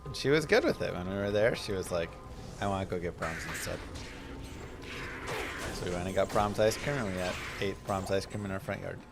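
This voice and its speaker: Man, streamer, gravelly mid-range voice, chatty game commentary over faint music. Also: sits low, lively intonation, fast, hardly any pauses. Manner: chatty, storytelling about family between game tips. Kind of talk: casual gameplay commentary.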